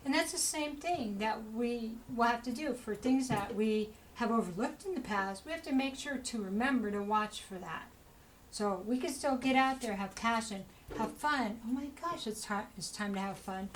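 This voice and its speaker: A woman's voice: fairly high pitch, moderate pace, slight background noise, rough recording. Chatty woman giving a tarot reading. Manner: chatty, rambling, full of "you know" asides; encouraging, talks straight to the listener. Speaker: tarot reader. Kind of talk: casual spoken tarot reading.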